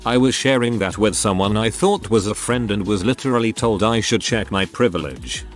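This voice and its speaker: A man narrating reader posts in a scripted read, spelling out abbreviations and reading lists flatly. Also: on the low side, normal speed, faint music behind.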